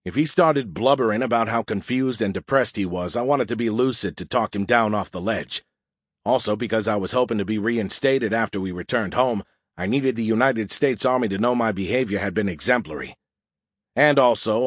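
A man's voice: fairly low pitch, dry recording. A man narrating a first-person audiobook in a wry, conversational manner, close to a studio mic.

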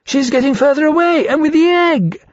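A man voicing an eager, impatient young female dragon, shrill and urgent. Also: normal speed, no room sound. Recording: dull dry studio sound.

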